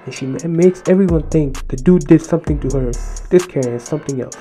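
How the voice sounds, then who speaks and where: A man's voice: fairly high pitch, fast, mellow, soft background music. A man giving casual, amused voice-over commentary on viral clips. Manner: amused, slangy remarks. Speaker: compilation commentator.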